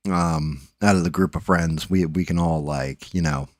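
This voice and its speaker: Profane, rambling middle-aged man with a low voice. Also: steady tone, moderate pace, dry recording, studio quality. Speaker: livestream host. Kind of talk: casual live-stream chat.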